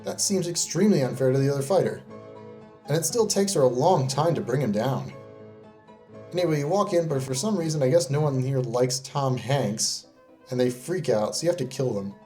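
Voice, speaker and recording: A man's voice: medium pitch, lively intonation, a little fast, warm tone, faint music behind. Wry, sarcastic man narrating. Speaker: video creator reviewing game companions. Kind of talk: comedic scripted narration.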